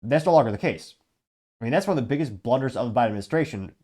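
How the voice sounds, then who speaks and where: A man hosting his own political commentary show, reading out viewer comments in a rapid, blunt and sarcastic way while running on lots of coffee. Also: medium pitch, lively intonation, warm tone. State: over-caffeinated. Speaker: host.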